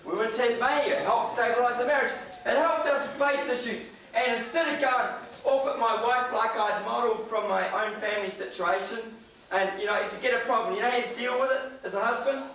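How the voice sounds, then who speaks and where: A man's voice: very high voice, fairly quick, fairly bright tone. A middle-aged man, preaching a sermon and telling humorous stories from his family life. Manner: storytelling with humor, acts out quoted voices. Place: church hall. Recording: echoey hall, distant mic, audible noise.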